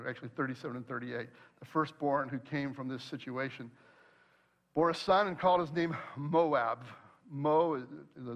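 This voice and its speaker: A man preaching a sermon, telling a personal story in an animated way and acting out his own worried thoughts aloud. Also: medium pitch, muffled recording. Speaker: pastor.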